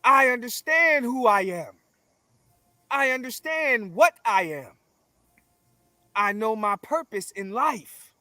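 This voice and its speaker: High-voiced forceful man, preaching cadence. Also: lively intonation, slow, pauses often, no echo. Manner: forceful, emphatic, preaching cadence with repeated phrases; profane, blunt. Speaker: interview guest. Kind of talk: confrontational conversational interview.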